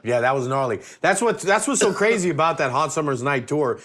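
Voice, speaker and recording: A man, a guest comedian, in a casual chat who tells relaxed, wry stories. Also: fairly high pitch, brisk.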